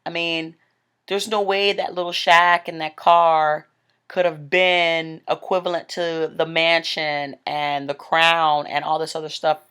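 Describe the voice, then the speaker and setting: A woman's voice: deep voice, flat delivery, a little slow, fairly bright tone, clean tone. Chatty woman recounting a vision. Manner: chatty, rambling, with frequent "like" and "um". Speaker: Christian speaker telling a vision. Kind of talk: casual spoken testimony.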